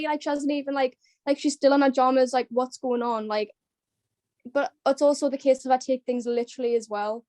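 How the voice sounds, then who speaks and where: Young woman, from the UK, chatty, casual group talk, slightly high pitch. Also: steady tone, fairly quick, a little mellow, no room sound. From United Kingdom. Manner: chatty, lots of filler likes.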